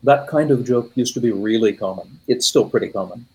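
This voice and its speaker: A man in casual conversation, explaining software history with wry, musing asides. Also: mid-range voice, fairly quick, breathy edge, rough recording. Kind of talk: casual tech chat.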